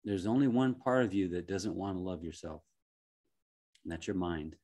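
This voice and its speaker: A man working as a life coach, giving a gentle, reflective motivational talk with frequent soft chuckles and halting restarts. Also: sits low, lively intonation.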